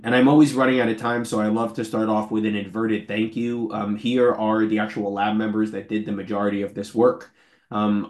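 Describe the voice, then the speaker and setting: A man in his forties giving an academic talk over a video call from his office, earnest and friendly, with a voice that is going hoarse. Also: on the low side, darkish tone. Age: 40s. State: losing his voice. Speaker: invited lecturer. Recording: roomy echo.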